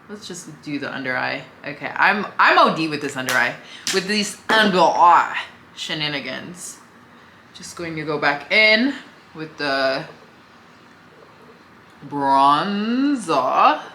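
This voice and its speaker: A woman's voice: sits low, expressive, normal speed, bright, forceful tone, reverberant, slight background noise. A young woman vlogger chatting casually while doing her makeup, easygoing and talkative. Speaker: beauty vlogger. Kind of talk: casual makeup tutorial chat.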